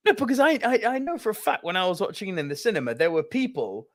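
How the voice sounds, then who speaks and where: Casting: excitable male podcast co-host, swings his pitch all over, laughs and swears constantly. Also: quick pace. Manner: animated, swears a lot, laughs often, acts out movie quotes. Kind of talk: casual movie podcast chat.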